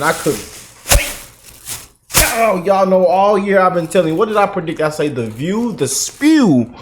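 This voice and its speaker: A man's voice: a little high, slight background noise. Guy ranting on his reaction vlog, mocking, emphatic, keeps repeating stuff. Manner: animated, mocking, emphatic with repetitions. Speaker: YouTube commentator.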